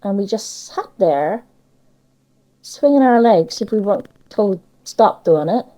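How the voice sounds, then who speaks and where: A woman's voice: medium pitch, expressive, a little slow, dark tone, rough recording. An older woman with a Cornish accent, chatting in an interview and giving emphatic opinions. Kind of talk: casual conversation.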